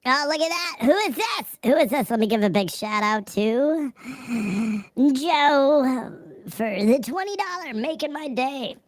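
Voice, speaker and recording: A young woman chats on a livestream, swearing freely and laughing often as she talks to her viewers. Her pitch rises and falls a lot, and the sound is dry and close with no room around it. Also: animated, measured pace, dry recording. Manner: profane, chatty, laughs often. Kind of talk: casual livestream chat.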